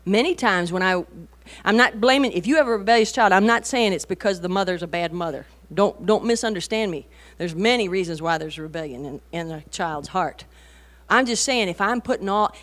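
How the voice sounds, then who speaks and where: A woman in her forties giving a conversational sermon to mothers and teenagers, telling stories with frequent rhetorical asides and emphatic bursts. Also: mid-range voice. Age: 40s. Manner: animated storytelling, rising to emphatic bursts. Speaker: women's conference speaker.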